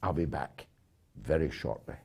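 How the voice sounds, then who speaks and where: A man hosting a talk show, reading out poll results and donations with dry, measured asides. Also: rumbling low, creaky, slightly rough.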